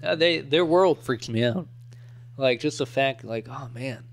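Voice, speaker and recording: A man's voice: medium pitch, measured pace, creaky. Joking man cohosting a podcast. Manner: joking, riffing, crude wisecracks. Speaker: podcast co-host. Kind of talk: casual podcast banter.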